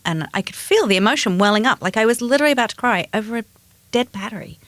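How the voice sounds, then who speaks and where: A woman co-hosting a podcast, telling a personal story in quick, animated bursts. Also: medium pitch, no echo. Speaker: podcast co-host. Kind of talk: casual chat.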